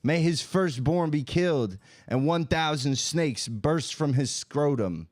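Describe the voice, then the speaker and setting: A man voicing a grandiose theatrical male villain, delivering slow, menacing, melodramatic pronouncements. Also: fairly high pitch, expressive, a little mellow, no room sound, clean studio sound.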